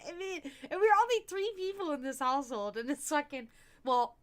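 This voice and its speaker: Woman host, fairly high voice, loose rambling chat, frequent swearing and laughter. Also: lively intonation, normal speed. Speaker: stream host. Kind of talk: casual livestream chat.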